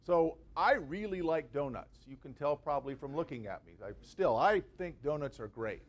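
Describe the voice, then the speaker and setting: A man's voice: fairly high pitch, lively intonation, moderate pace. A man giving a university guest lecture in a conversational, jokey way, with everyday examples. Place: university venue with a live audience.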